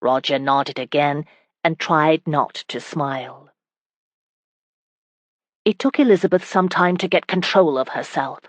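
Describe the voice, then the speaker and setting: Steady audiobook narrator, dry sound. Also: medium pitch, dry recording. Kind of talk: scripted narration.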